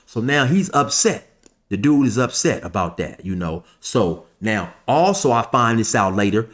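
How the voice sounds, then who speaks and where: A man's voice: fairly low pitch, very animated, moderate pace, fairly bright tone. A man telling a personal story in a loose, conversational way, with frequent asides. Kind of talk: casual storytelling.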